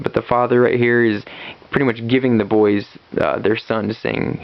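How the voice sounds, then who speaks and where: A man's voice: fairly low pitch, flat delivery, normal speed, creaky. A man casually reviewing a comic book, retelling the story with lots of fillers and restarts. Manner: rambling, many fillers and restarts. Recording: dull lo-fi recording.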